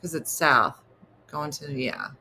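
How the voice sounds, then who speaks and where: A woman's voice: sits low, lively intonation, slow, bright, forceful tone, a little hiss or hum. A woman with a New Jersey accent hosting a casual comedy livestream, reading viewer comments and teasing them in playful mock disgust. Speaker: comedy morning show host.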